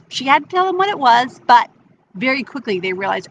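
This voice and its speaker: A woman nature educator telling a children's story in an animated, expressive way. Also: high-pitched, normal speed, a little hiss or hum, low-quality recording.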